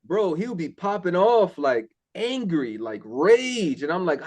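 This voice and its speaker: A young man speaking candidly in a relaxed conversation. He tells his faith story plainly and earnestly, with plenty of ums and restarts. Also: high-pitched, measured pace. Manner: candid, earnest, many fillers. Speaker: interview guest. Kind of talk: casual testimony.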